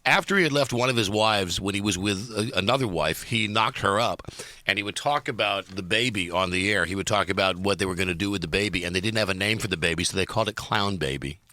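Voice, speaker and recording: A man hosting a radio show, bantering casually and telling animated stories with put-on voices. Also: fairly low pitch, fast, dry recording. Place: radio studio.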